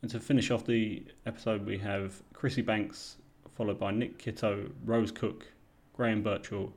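A male host announces the upcoming readers in a plain, matter-of-fact manner. His low voice is gravelly and stays flat in pitch. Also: moderate pace. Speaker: show host. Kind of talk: introducing readers.

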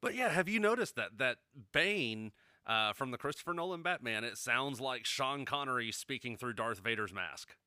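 A man's voice: medium pitch, animated, moderate pace, few pauses, pushed and bright, no echo, clean studio sound. A man co-hosting a podcast in casual chat, joking and rambling, swearing freely. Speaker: podcast co-host.

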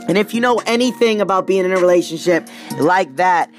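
A man with a notably high voice tells a comedic story in a loose, slangy style, often calling out to his listeners. Faint music plays underneath his podcast monologue. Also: fairly quick. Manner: animated, slangy, addresses listeners directly. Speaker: podcast host.

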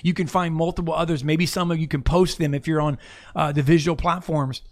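A man's voice: on the high side, steady tone, fairly quick. Conversational man preaching off the cuff. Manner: conversational, restarts, asks listeners to look up verses. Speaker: pastor. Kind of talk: off-the-cuff sermon.

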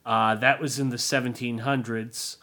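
A middle-aged man co-hosting a podcast in casual chat, explaining things with a dry, deadpan humor. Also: mid-range voice, moderate pace. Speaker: podcast co-host.

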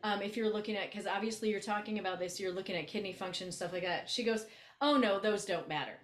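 A woman co-hosting a podcast, telling a story in casual chat, blunt and animated, acting out both sides of a conversation. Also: mid-range voice, quick pace, echoey room. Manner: animated, blunt, acts out quoted exchanges. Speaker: podcast co-host, coach.

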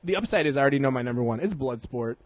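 Young male podcast host, mid-pitched, dry close sound; rambling, profane, quick to laugh. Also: lively intonation, dry recording. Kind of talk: casual podcast chat.

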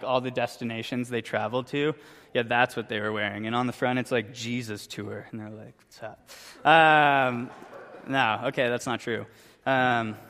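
A man's voice: medium pitch, a bit bright. A young man, a youth pastor, giving a casual sermon with a chatty, joking story. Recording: long reverb from a hall.

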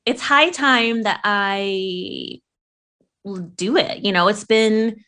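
An animated young woman in casual chat with a close friend. She laughs easily, swears freely, and sits at a middle pitch. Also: slow pace, clean tone.

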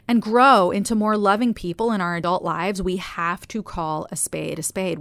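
A woman with a New Jersey accent, speaking as a podcast host in an earnest, confessional personal reflection that often drops to a soft near-whisper. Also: mid-range voice, no echo.

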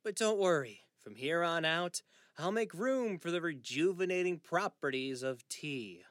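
A grieving adult son, anxious and raw, who pleads and slips into sarcasm, as a man voices him in an audiobook. His voice rides high and swings widely. It is a close, dry recording. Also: sing-song, measured pace, a bit bright, no echo, heavily acted. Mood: sarcastic.

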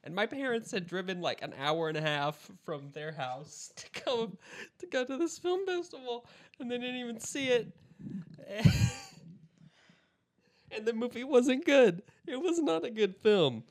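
A man's voice: very high voice, very animated, normal speed, hardly any pauses. A man co-hosting a casual podcast chat. He laughs often and stumbles over his words when he restarts. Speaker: podcast co-host.

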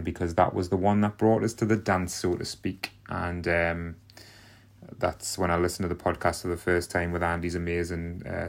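A man's voice: deep voice, creaky. A man with a Geordie accent, recording an earnest voice message with a few hesitant fillers. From North East England. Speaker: listener sending a message.

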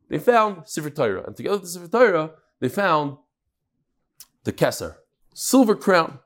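Animated teacher, man. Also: a little high. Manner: lively, sprinkles Hebrew and Yiddish terms, repeats words. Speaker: Talmud teacher. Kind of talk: animated Talmud class with storytelling.

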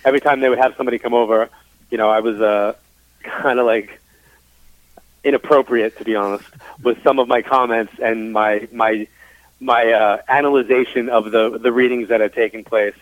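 A man's voice: medium pitch, steady tone, normal speed, no room sound. Chatty New York man on a tinny line. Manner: chatty, frank, many fillers, acts out quoted dialogue. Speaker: psychic medium guest. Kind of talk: casual storytelling interview. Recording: dry tinny phone-like line.

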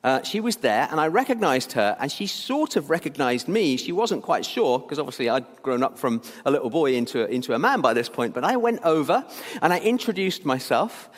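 A man's voice: on the high side, very animated, brisk. A British pastor in his fifties telling a childhood story in a sermon, chatty and anecdotal, with many fillers and restarts. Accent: British English. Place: church. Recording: long church hall reverb.

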